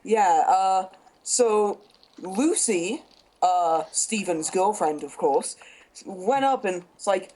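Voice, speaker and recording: A man's voice: sits high, expressive, takes it slowly, a little mellow, poor audio. A man joining a call as co-host, offhand and teasing in casual banter. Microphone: call recording.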